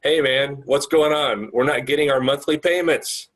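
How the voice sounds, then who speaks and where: A man's voice: mid-range voice, steady tone, normal speed, fairly bright tone, natural voice. A man reading the part of a worried village leader who keeps asking earnest questions on a video call. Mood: questioning.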